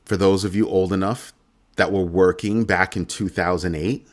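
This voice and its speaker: A man's voice: deep voice, fairly even intonation, normal speed. A middle-aged man hosting a finance channel, delivering a heated, sarcastic rant with strong emphasis. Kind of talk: ranting monologue.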